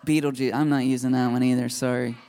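A man's voice: medium pitch, flat delivery, fast talker, warm tone. A man preaching a sermon to a live congregation in a loose, conversational way, joking and laughing at himself between points.

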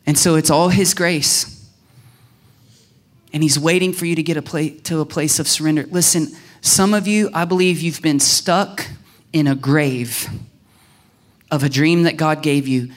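Male pastor, fairly high voice, animated sermon delivery with dramatic hushed drops. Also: unhurried. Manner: animated, acts out prayers and quotes with swings in pitch and loudness.

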